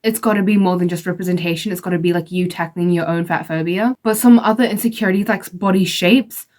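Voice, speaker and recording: A woman's voice: lowish voice, fast talker, a little mellow. A young woman ranting to her followers in a casual vlog, blunt and sassy, swearing freely and filling her talk with "like". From outside the United States. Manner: blunt, sassy, profane, lots of "like" fillers. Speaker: vlogger. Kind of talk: casual opinionated rant to camera.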